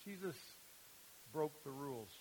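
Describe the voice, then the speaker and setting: A man's voice: fairly high pitch, animated, a little slow, a little mellow, slight background noise, low-quality recording. Chatty man preaching an informal sermon. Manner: conversational, many fillers and restarts, laughs at own remarks. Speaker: youth ministry speaker.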